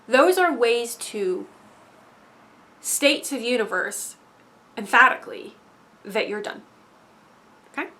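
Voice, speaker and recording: A young woman talking straight to camera in an emphatic motivational monologue, swinging between loud insistence and hushed asides. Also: fairly high pitch. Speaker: spiritual vlogger.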